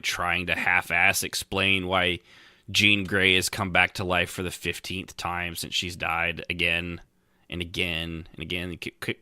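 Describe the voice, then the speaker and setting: A man's voice: sits low, bright, forceful tone, clean tone, no echo, studio quality. A man co-hosting a podcast in casual chat, joking and sarcastic, laughing often. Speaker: podcast co-host.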